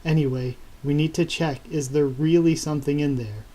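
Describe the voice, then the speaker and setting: A man reads a manga chapter aloud and reacts live, breaking off into laughs and excited asides. His voice sits a little high for a man, with a mellow, soft tone. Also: normal speed. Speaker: manga reviewer.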